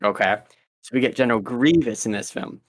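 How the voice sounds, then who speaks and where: A young man co-hosting a podcast in loose, casual chat. He rambles through his ideas with plenty of ums and restarts. His voice sits in an ordinary middle pitch. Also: brisk. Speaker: podcast co-host.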